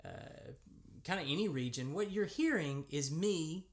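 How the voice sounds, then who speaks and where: A man's voice: fairly high pitch, expressive, a little slow. An American man with an American accent, preaching a conversational sermon as a pastor and reading scripture aloud. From United States. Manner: conversational preaching with emphatic rises.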